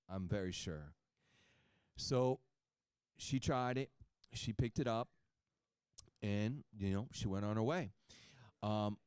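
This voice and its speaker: A man who runs a clinic pitching a supplement to listeners, telling a story with emphatic asides and "okay?" and "right?" checks. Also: darkish tone, smooth, dry recording. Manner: folksy, emphatic, says "okay?" and "right?" to the audience. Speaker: clinic owner presenting supplements. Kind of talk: sales pitch with anecdote.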